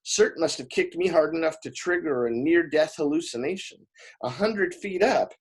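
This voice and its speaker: A man reading a novel aloud in expressive first-person narration, with small slips along the way. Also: a little high, husky. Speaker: audiobook reader.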